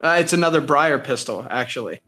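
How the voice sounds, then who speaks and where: A man's voice: mid-range voice, expressive, fairly quick, bright, forceful tone, slightly rough, soft background music, low-quality recording. A young man co-hosting a podcast, chatting casually and enthusiastically with lots of fillers. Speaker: podcast co-host. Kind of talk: casual chat.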